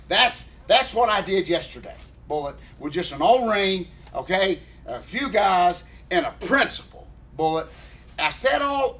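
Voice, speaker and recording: A man telling a long, emotional story on a podcast, warmly and earnestly addressing his co-host. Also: high voice. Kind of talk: rambling casual storytelling.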